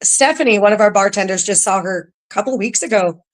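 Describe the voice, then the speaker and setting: A woman working at a haunted museum, talking casually as a podcast guest, chatty and quick to laugh, with lots of ums. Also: medium pitch. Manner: chatty, laughs often, filler-heavy. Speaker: paranormal museum staff guest.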